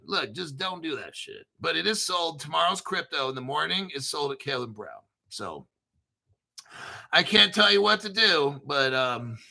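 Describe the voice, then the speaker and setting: A man hosting a crypto video show, talking in an excitable, rambling, profane way. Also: a little high, normal speed, creaky, low-quality recording. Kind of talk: casual profane commentary.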